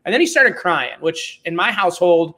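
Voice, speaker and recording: A middle-aged man talking as a podcast guest, telling stories in a blunt, animated, informal way. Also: high-pitched, moderate pace. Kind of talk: casual conversational storytelling.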